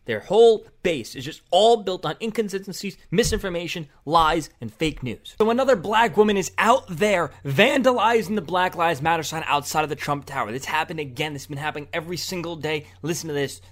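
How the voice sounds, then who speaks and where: A man hosts opinion commentary over video clips and argues point by point in a combative tone. He turns sarcastic and mocks his opponents, and his voice sits a little high. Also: animated, quick pace, hardly any pauses, fairly bright tone. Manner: argumentative, sarcastic, mocking mimicry of opponents. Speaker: political commentary host.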